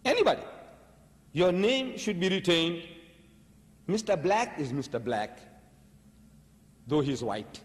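A man's voice: on the high side, very animated, takes it slowly, long pauses. A man giving a public religious lecture, arguing emphatically and firing off rhetorical questions. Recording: long hall reverb.

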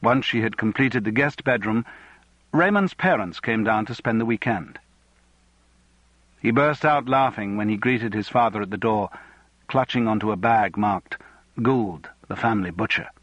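A man reading a novel aloud as audiobook narrator, measured and even. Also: on the low side, no echo, muffled recording. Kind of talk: scripted narration.

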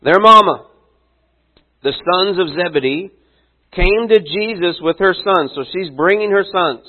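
A male pastor preaches in a relaxed, chatty way and keeps checking in with his listeners. His voice sits a little high for a man. The sound is thin and band-limited, like a phone line. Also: measured pace. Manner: casual, conversational preaching with asides. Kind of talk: sermon.

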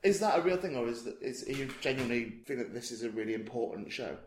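A man's voice: medium pitch, lively intonation, quick pace, roomy sound, a little hiss or hum. A man co-hosting a comedy podcast, chatting casually in a giggly, teasing, playful way. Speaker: podcast co-host.

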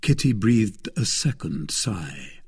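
Male narrator, classic novel, very breathy husky tone, lively pitch. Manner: expressive, measured reading. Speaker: audiobook narrator.

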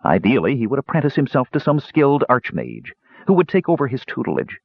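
A man narrating a fantasy audiobook in an expressive storytelling manner. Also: mid-range voice, fairly quick, gravelly, slightly rough, dry recording, muffled recording.

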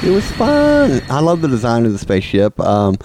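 A man's voice: mid-range voice, wildly swooping pitch, normal speed, heavy background noise. A man co-hosting a podcast in casual chat, rambling with lots of fillers and restarts, chuckling often. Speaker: podcast co-host.

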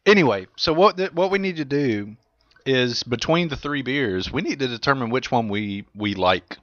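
A man's voice: mid-range voice, animated, a bit bright, no room sound. Enthusiastic man on dull lo-fi mic. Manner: enthusiastic, drawn-out praise. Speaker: podcast co-host. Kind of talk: casual beer-tasting chat. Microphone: close microphone. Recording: dull lo-fi dry recording.

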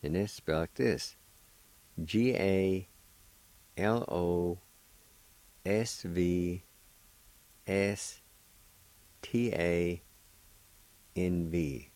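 A man with a very low voice teaches vocabulary on the radio. He takes his time, spelling and repeating each word with patient care. The sound is close and dry, as in a small studio. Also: drawn-out words, long pauses, no echo, rough recording. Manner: gently encouraging to beginners. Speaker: radio host teaching a language. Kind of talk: radio language lesson.

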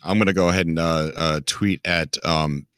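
A man's voice: low voice, fairly even intonation, moderate pace, fairly bright tone, clear, resonant tone, no echo, studio quality. A man appearing as a guest on a casual livestream podcast, making teasing, playful jabs.

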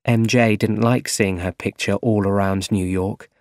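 A man narrating an easy-English story for learners, reading clearly and carefully. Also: lowish voice, steady tone, measured pace, a little mellow, no echo, clean studio sound. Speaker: audiobook narrator.

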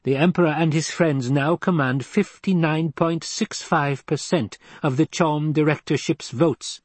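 A man's voice: fairly high pitch, fairly even intonation, measured pace, dry recording, pitched above the performer's own voice. A man voicing a sneering old matriarch. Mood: cold, scolding. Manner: snappish, sneering, demanding. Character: stern old woman, a scheming sisterhood leader. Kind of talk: audiobook character reading.

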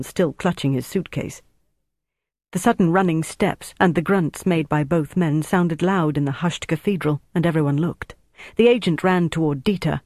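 A man narrating a thriller audiobook in a steady, measured way. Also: on the high side, no room sound, studio quality.

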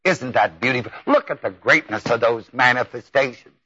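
A man's voice: mid-range voice, normal speed, bright, forceful tone, breathy edge. A man preaching a sermon in a folksy, emphatic way, with exclamations. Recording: dull lo-fi tape.

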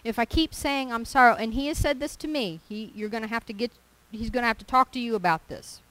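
A woman preaching a sermon, earnest and emphatic, slowing down to stress scripture. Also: fairly high pitch, fairly bright tone, dry recording, low-quality recording.

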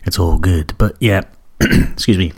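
Scottish guy in his 30s, bit of newcastle creeping in, low voice, rambly podcast host chatting away with lots of ums. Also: unhurried, slightly rough. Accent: Scottish with traces of Newcastle. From Scotland. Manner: rambling and self-deprecating, with frequent fillers. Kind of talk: casual rambling monologue.

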